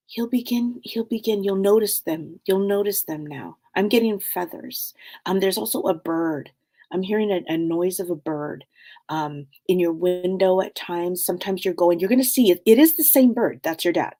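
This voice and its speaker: A middle-aged woman hosting a spiritual talk show, speaking in a meandering, casual way full of fillers, often sinking to a soft hush. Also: lowish voice, moderate pace.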